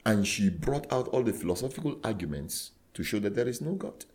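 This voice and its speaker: A man, a clergyman guest, telling a story in conversation with earnest, animated retelling that acts out dialogue. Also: on the low side, a little fast, slight background noise. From Nigeria.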